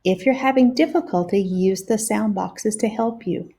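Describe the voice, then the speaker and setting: A woman teacher leading a phonics lesson for young children, sounding out each word slowly and clearly. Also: mid-range voice, warm tone. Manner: slow and deliberate, stretching out each sound.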